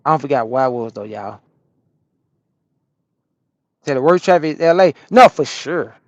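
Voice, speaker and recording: A man from Atlanta, a truck driver chatting casually on a live stream and answering viewers' comments in a relaxed, repetitive way. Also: medium pitch, normal speed, dry recording, highs cut off. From Atlanta, USA.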